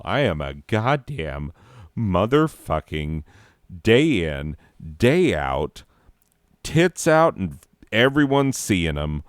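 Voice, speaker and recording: A man narrating a comic story in a deadpan, profane, self-mocking way, breaking off into rants. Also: sits low, dry recording, studio quality. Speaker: comedic narrator.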